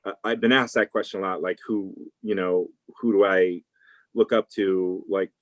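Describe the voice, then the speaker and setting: Man, low voice, actor in an interview, rambling, fillers and restarts, dry close sound. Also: fairly even intonation, moderate pace, dry recording, poor audio. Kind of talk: casual interview talk.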